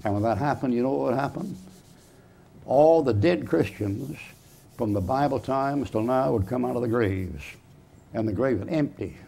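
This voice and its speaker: A man's voice: mid-range voice, moderate pace, creaky, mellow. A man preaching a chalk-talk sermon in a church, folksy and emphatic, putting questions to the audience and answering them himself.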